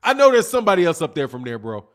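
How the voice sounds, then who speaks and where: A man hosting a casual livestream, talking fast and teasing his chat in a cocky, rambling way. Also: a little high, wildly swooping pitch. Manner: fast, rambling, with restarts and laughs. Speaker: livestream host.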